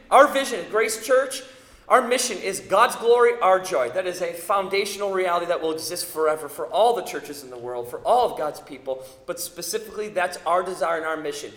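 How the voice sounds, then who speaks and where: A middle-aged man, a pastor, preaching a sermon with emphatic build-ups to loud peaks on key words. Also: high-pitched. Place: church sanctuary. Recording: echoey hall reverb.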